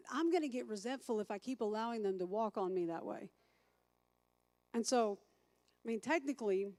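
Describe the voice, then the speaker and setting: A woman's voice: mid-range voice, a little mellow. A woman teaching a recovery class as a sponsor, chatty, thinking aloud and asking the group questions.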